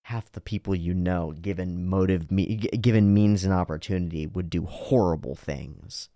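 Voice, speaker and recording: A man's voice: low-pitched, moderate pace, warm tone, dry recording, clean studio sound. A man hosting an anime reaction video, speaking bluntly and emphatically, with some swearing. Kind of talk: reaction commentary.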